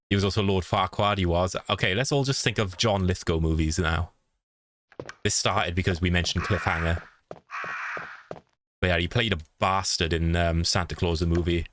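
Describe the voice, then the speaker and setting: A man's voice: low-pitched, fairly bright tone, a little hiss or hum. A man streaming a game from his room, chatting and greeting viewers by name. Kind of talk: livestream gameplay chat. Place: home room. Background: game music.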